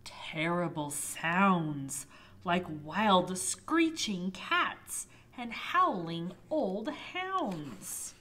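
A woman librarian reading a picture book aloud to toddlers, expressive, with asides to the children. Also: lowish voice. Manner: slow, lilting and expressive. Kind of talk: toddler storytime read-aloud.

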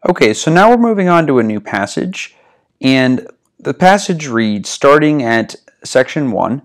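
A man's voice: mid-range voice, very animated, measured pace. A man from the American Northeast, a test-prep tutor, casually walking through reading questions step by step, recorded at home on a desk microphone. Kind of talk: explaining a reading practice test.

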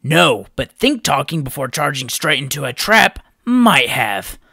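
A cocky young hero who mocks his leader with wisecracks, in a raised, lively voice, as a male storybook narrator puts him on. Dry, close recording. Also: on the high side, unhurried, gravelly, husky, no echo, pitched above the performer's own voice, exaggerated voice. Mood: sarcastic. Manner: mocking, wisecracking.

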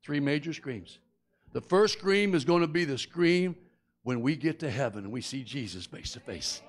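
A man's voice: on the high side, lively intonation, normal speed. A middle-aged man preaching a sermon, telling a personal story and acting out the voices and screams of the people in it. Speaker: guest preacher.

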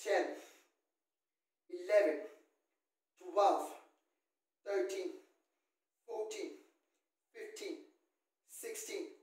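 Calling out poses and counting holds, a male yoga instructor coaches his live class firmly. His voice is high-pitched with a darkish tone, and it comes from a distance in an echoey room.

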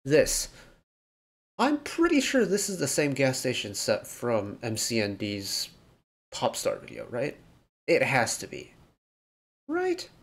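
This male K-pop reaction host pulls apart a music video's arrangement while musing aloud, his analysis wandering and packed with filler words. Though his voice rests at a normal middle pitch, it swoops wildly, and he speaks slowly with frequent pauses.

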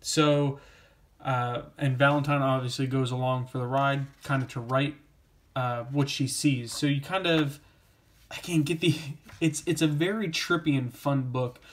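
A man's voice: mid-range voice, steady tone, unhurried. A man giving a casual comic book review, rambling with many fillers and restarts.

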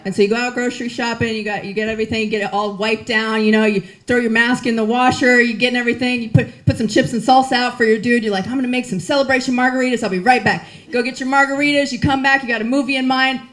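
A woman stand-up comedian in her thirties, telling a chatty, animated story with voiced asides. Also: a little high, fast talker, hardly any pauses. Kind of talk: stand-up set.

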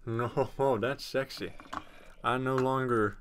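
A young man talks through his game at his home computer in a bright, forceful voice, close on a desktop microphone. He rambles, mocks himself and bursts into loud excited yelps when things go wrong. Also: fairly low pitch, a little slow. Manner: rambling, self-mocking, excitable outbursts. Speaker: gameplay commentator. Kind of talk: casual let's-play commentary. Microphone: desktop USB microphone.

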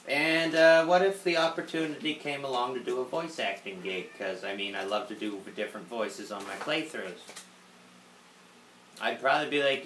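A man's voice: medium pitch, moderate pace, a bit bright. Self-mocking male gaming host, casual Q&A, roomy sound. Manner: sarcastic, self-mocking, swears freely. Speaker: YouTuber host. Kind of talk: casual viewer Q&A. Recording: roomy room with faint noise.

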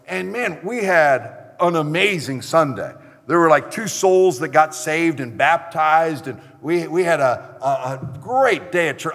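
A middle-aged man, a pastor, preaching a sermon in a church sanctuary and telling stories earnestly, with halting restarts. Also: a little high, fairly bright tone. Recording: reverberant church hall.

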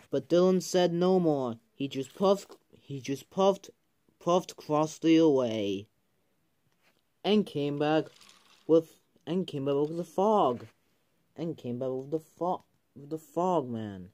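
A man narrating a homemade train story, halting often and restarting his sentences. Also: a little high, expressive, dark tone. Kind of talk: improvised toy-train storytelling.

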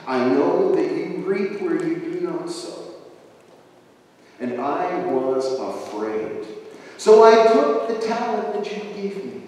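A man voicing a fearful servant who speaks quietly and hesitantly. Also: high-pitched, slight background noise. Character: timid fearful male servant. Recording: echoey church hall from far off.

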